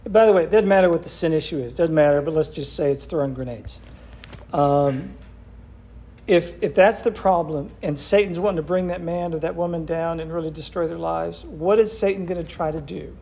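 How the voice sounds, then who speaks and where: Man with a high voice who teaches a church group by firing questions at them. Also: a little fast, gravelly, warm tone. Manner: asks the group questions, repeats answers back. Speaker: Bible study leader. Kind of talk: interactive Bible study teaching.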